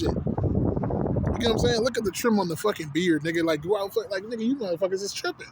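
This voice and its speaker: Brief: high, quick-talking man, profane animated street rant, outdoors with faint city noise. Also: rough recording. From Texas. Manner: profane, animated storytelling with slang fillers. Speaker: vlogger. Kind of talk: casual rant to camera.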